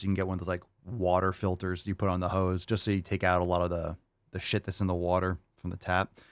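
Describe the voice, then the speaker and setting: A man's voice: fairly low pitch, dry recording, clean studio sound. A man hosting a podcast, answering listener questions in a loose, rambling chat with jokey asides. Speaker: podcast host.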